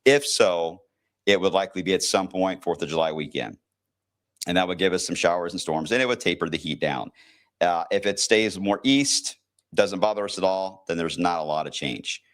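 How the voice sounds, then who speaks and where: A young man, a TV meteorologist, giving a laid-back, chatty weather briefing on a livestream from a station weather office. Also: sits low.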